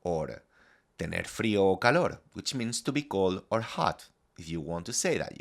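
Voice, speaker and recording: A man teaching a scripted Spanish lesson, modelling phrases clearly and deliberately for learners to repeat. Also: low voice, a bit bright.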